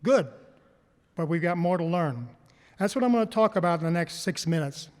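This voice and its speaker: A man's voice: a little high, lively intonation, moderate pace, darkish tone. A man giving a talk to a live audience, telling stories and asking the crowd questions, then repeating their answers. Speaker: panel speaker on farm mental health. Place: conference hall. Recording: long hall reverb.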